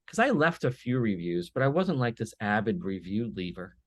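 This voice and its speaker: In a relaxed podcast conversation, a guest who owns a business spins lively stories, briefly acting out little exchanges between people. His voice is a touch low, and the recording is close and dry with no room around it.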